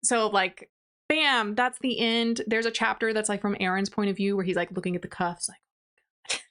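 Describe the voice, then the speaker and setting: Young woman, booktuber, casual plot recap, filler-heavy, quotes characters in passing, mid-pitch. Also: fairly even intonation, normal speed, a bit bright. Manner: chatty, many "like"s, acts out quotes in passing. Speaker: book reviewer. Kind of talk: casual rant review, retelling a plot.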